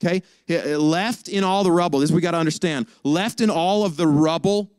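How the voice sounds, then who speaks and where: A man's voice: a little high, fairly quick, clear, resonant tone, dry recording. A young man giving a casual sermon, telling a story with slang and acting out the voices. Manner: animated storytelling, acts out dialogue, slangy. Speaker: pastor.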